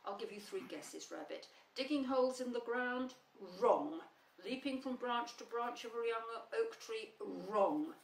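A woman's voice: a little high, lively intonation, a little slow, gravelly, pitched above the performer's own voice. A woman voicing a gloomy old donkey who speaks coldly and sarcastically. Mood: sardonic. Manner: cold, dry, sardonic. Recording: roomy, slightly distant, faint hum.

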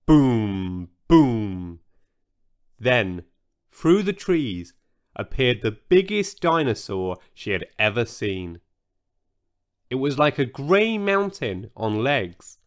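A man reading a children's bedtime story aloud in a slow, expressive storyteller manner. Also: mid-range voice. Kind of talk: scripted children's story narration.

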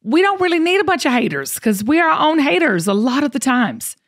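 A woman's voice: high-pitched, big pitch swings, a little fast. A middle-aged woman, hosting a casual podcast in a folksy, emphatic way, often repeating herself. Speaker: podcast host.

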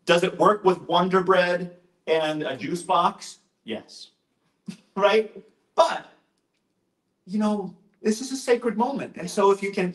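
A man's voice: sits high, slow, long pauses. A male pastor giving an informal, conversational talk, often interrupting himself with asides and jokes. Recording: roomy echoing room.

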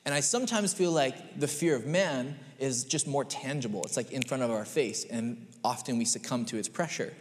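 A man's voice: medium pitch, moderate pace, few pauses, slight background noise. A man in his thirties, a pastor giving a chatty, story-driven sermon. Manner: chatty, storytelling, animated voices. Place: church sanctuary. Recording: long church-hall reverb.

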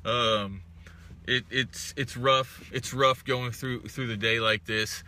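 A man's voice: medium pitch, fairly even intonation, takes it slowly, bright, forceful tone. A young man from Texas hosting a casual live stream, greeting viewers and ranting with heavy profanity.

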